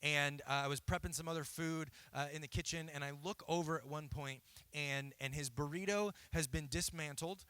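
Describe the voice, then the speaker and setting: A pastor in his thirties preaches a church sermon in a higher-pitched, bright, forceful voice that rings clear and resonant. He moves at a moderate pace with few pauses, telling stories conversationally and often checking in with "right?". There's no room sound.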